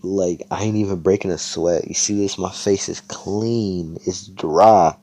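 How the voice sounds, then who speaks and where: A man's voice: low-pitched, steady tone, measured pace, dark tone. A man doing a cocky laid-back young hero. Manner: slangy, swearing, laid-back. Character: brash young male hero, unbothered and cocky.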